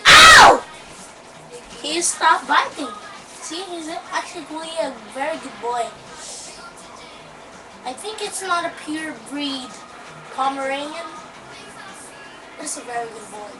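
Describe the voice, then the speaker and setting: A woman chatting casually on a home webcam video, scolding her puppy and yelping out loud. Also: sits high, lively intonation, takes it slowly, pauses often. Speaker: dog owner. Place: room at home. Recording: echoey, distant, noisy webcam audio.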